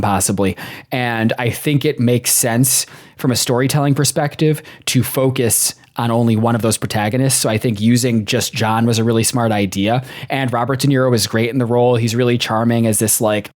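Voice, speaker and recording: A young man in casual conversation on a podcast, rambling through his take on a film with candid asides and easy laughs. His voice sits at a middle pitch for a man. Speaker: podcast co-host.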